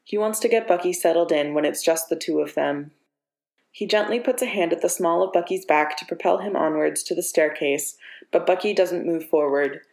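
A woman narrating a story in a steady, measured reading voice. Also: lowish voice. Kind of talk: audiobook narration of fiction. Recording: echoey room.

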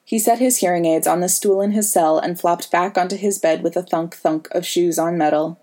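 A woman reads a story aloud in a calm, even way. Her voice sits low and sounds mellow and warm. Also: moderate pace. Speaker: audiobook reader. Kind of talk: fan fiction audiobook narration.

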